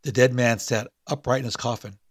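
A man's voice: mid-range voice, fairly even intonation, a little fast, breathy edge, no room sound, studio quality. A man hosting a podcast, chatting hesitantly with many fillers and reading a spooky short story aloud. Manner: hesitant, full of fillers and restarts in chat.

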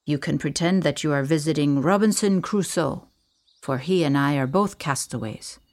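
A woman voicing a grave, bearded older man who speaks slowly and formally with a thick foreign accent. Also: low voice, darkish tone, close to an everyday voice.

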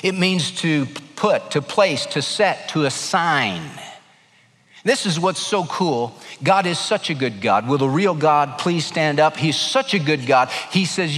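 A male pastor preaching a sermon, animated and emphatic, dropping to a hush for quieter passages. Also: a little high, unhurried. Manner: animated preaching, swinging between emphatic and hushed. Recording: long hall reverb.

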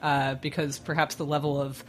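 Woman guest, very low voice, careful precise explainer, faint room hum. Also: little pitch movement, normal speed. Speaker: guest expert. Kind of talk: explanatory radio talk.

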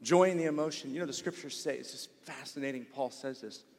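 A male pastor preaching a sermon in a church, emphatic and swinging between loud stresses and hushed passages, repeating words for weight. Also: medium pitch, fairly quick. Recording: long hall reverb.

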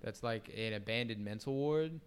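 A man's voice: fairly low pitch, normal speed, clean tone. A young man in casual chat, telling a story in a laid-back, slangy way. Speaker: friend in group chat.

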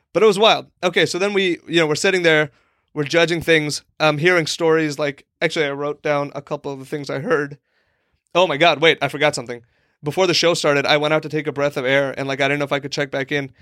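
A young man spins a comic anecdote in a loose, rambling way, filling it with "like" and little acted-out voices for the people he met. His voice sits a touch high for a man. The sound is dry and close. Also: a bit bright, dry recording. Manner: rambling, lots of "like", acts out quoted people. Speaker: podcast co-host. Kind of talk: casual comedic storytelling.

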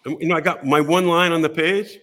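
An older American man, a podcast guest telling a story in a casual, animated way and acting out the voices of people he quotes. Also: fairly high pitch, a little fast.

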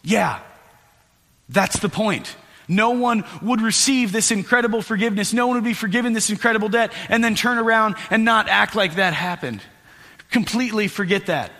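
Guy pastor preaching, bright tense voice, kinda high, big echoey church sound. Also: fairly quick. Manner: animated storytelling with voiced asides. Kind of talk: sermon. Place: church sanctuary. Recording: echoey hall with long reverb.

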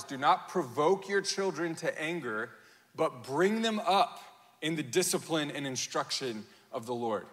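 This sermon comes from a pastor in his thirties whose bright, forceful, mid-range voice rings through a big hall with a lengthy echo. He brings his stories to life with animated energy, performing quotes and chuckling at himself.

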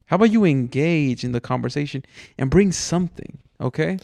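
A man's voice: a little high, lively intonation, fairly quick, gravelly, a little mellow, no room sound, clean studio sound. A man from Mexico, a podcast host, telling a rambling story in casual chat, swearing and saying "dude" a lot. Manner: rambling and profane, says "dude" often.

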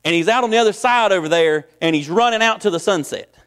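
Preacher guy, high voice, folksy and rambly, big echoey hall sound. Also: fast talker, a bit bright, clean tone. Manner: folksy, repeats phrases and restarts often. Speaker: pastor. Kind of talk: sermon.

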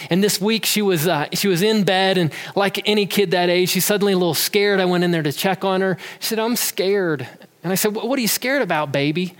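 A man giving an earnest, conversational talk about emotions who sometimes repeats words as he goes. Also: sits high. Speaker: speaker on emotions. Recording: long hall reverb.

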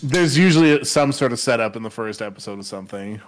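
A man's voice: mid-range voice, expressive, fast. A man co-hosting a casual chat show, rambling and speculative. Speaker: co-host.

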